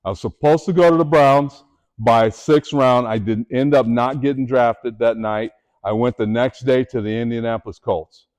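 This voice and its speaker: A middle-aged motivational speaker addresses students in a mid-range voice at normal speed. He tells his story with animation, voicing the people in it, and asks the audience direct questions.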